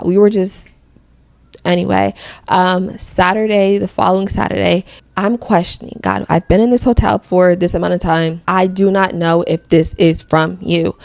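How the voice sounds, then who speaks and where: A woman's voice: fairly low pitch, gravelly, darkish tone, no echo. A young woman from Connecticut hosting a podcast, telling a personal faith testimony in a rambling, self-correcting way. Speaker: podcast host.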